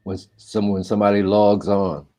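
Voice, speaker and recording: An older man from the United States, a guest musician chatting casually, relaxed and quick to laugh. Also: fairly low pitch. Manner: relaxed, laughs easily, calls people "man". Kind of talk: casual conversation.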